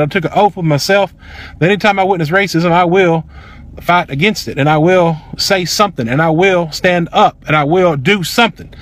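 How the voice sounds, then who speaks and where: A man with a drawl tells a personal story in a vlog, talking fast and fired up. His voice sits a bit high for a man, and he speaks in a heated, profane, emphatic way. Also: fairly bright tone. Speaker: vlogger.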